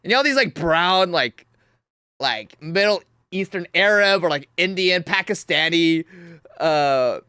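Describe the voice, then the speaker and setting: Animated young male streamer, bright close voice. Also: high-pitched, a little slow, clear, resonant tone, no room sound. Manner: animated and mocking, talks to chat, laughs often. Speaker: livestream host. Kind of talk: reaction commentary on a livestream.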